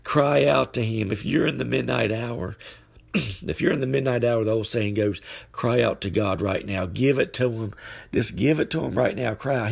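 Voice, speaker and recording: Guy preaching into his phone, raspy and animated, keeps saying hallelujah. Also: mid-range voice, normal speed. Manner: earnest, folksy, repeats phrases, exclaims hallelujah. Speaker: podcast preacher. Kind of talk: informal devotional sermon. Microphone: phone microphone.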